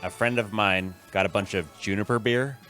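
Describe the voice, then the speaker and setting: Low bright-toned man, laid-back chat. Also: fairly even intonation, moderate pace. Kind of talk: casual chat. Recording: faint game music behind.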